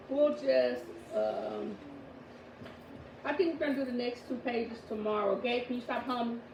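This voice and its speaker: A woman in her thirties teaching her children at home, firm and deliberate, reading sentences aloud slowly. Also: fairly high pitch, creaky. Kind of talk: classroom instruction. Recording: echoey room, mic far off, background noise.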